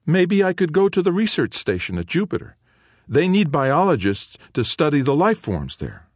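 A restless, gangly teenage boy, as a male narrator puts him on, muttering and sulky, then bright with hope. The voice sits clearly higher than the reader's own deep tone and swings widely in pitch. It sounds close and dry, with no room around it. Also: huge pitch swings, moderate pace, no room sound. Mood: eager. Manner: sulky, muttering, eager when hopeful. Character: awkward, restless teenage boy longing to leave.

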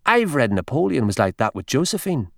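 A man's voice: mid-range voice, big pitch swings, a little fast, creaky, a bit bright, no room sound, clean studio sound. A man voicing an earnest, polite young country doctor in an audiobook reading.

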